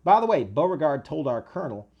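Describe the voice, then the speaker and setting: A man doing a young Southern soldier with a put-on American Southern accent, reading his letter home in a boastful, spirited voice. The voice runs a bit higher and louder than a plain reading, with a gravelly edge. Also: very animated, fast talker, highs cut off, full character voice.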